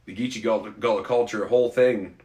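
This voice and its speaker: A man's voice: on the low side, fairly even intonation, fairly quick, darkish tone. A man talking casually in a rambling, opinionated way, like a podcast host. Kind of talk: casual conversation. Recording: roomy echo.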